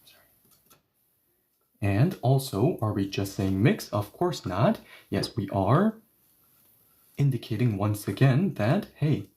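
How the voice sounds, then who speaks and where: A man teaching a grammar lesson, explaining patiently step by step and repeating example sentences slowly. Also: lowish voice, very animated, warm tone. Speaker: Korean language teacher.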